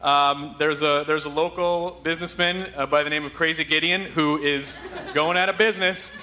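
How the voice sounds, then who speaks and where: A man's voice: on the high side, fairly even intonation, moderate pace. A man hosting a live podcast in front of an audience, hyper, rambling and crude. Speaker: podcast host. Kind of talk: live stand-up-style podcast banter. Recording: live stage with audience noise.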